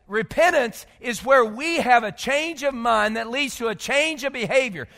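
A man preaching a sermon as pastor, emphatic, rising to loud bursts and dropping low, often repeating words as he thinks. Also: gravelly. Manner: emphatic, swinging between loud outbursts and quiet low passages; repeats words when gathering thoughts. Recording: long hall reverb.

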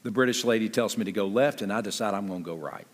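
A man preaching a sermon as pastor, talking conversationally with lively jumps in pitch and quick asides. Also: in a large hall.

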